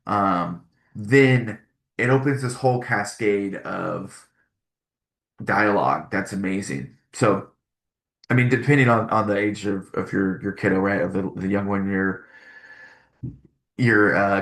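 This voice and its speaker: A man's voice: on the low side, measured pace, creaky, a bit bright, roomy sound. A man hosting a solo parenting podcast, talking earnestly and casually, often restarting and repeating his phrases.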